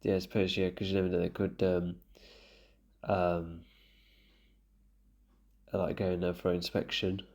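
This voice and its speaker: A man, voice sitting low with a gravelly edge. He reacts to a show in casual commentary, thinking aloud as he goes. He stops and restarts often with ums. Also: flat delivery, a little slow, pauses often, darkish tone. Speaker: reaction video host.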